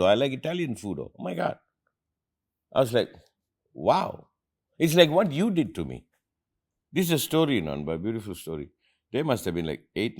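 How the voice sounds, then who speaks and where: A middle-aged man from India, hosting an earnest motivational talk with his family and repeating phrases for emphasis. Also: mid-range voice. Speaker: host and motivational speaker.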